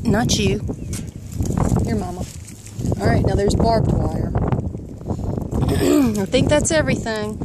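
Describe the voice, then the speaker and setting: A woman's voice: mid-range voice, lively intonation, measured pace, long pauses. A woman filming herself on a farm, cooing and baby-talking to animals in a sing-song voice. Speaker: vlogger. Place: outdoors on a rural farm. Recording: loud outdoor ambient noise. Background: animals and outdoor ambience.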